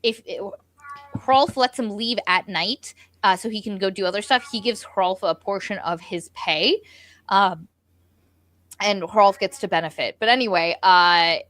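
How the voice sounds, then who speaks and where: A woman's voice: mid-range voice, a little slow, fairly bright tone, dry recording. A woman co-hosting a book podcast, retelling the plot casually in a rambling way and dropping into mock voices for the characters. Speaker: podcast co-host. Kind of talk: casual book-review chat.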